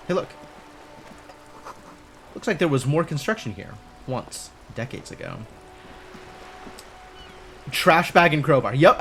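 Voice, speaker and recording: A man streaming a video game live, musing aloud as he plays. His voice sits a bit high and swings widely in pitch. He rambles, jokes with himself and reacts out loud. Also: gravelly. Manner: animated, rambling, self-amused. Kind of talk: live gameplay commentary.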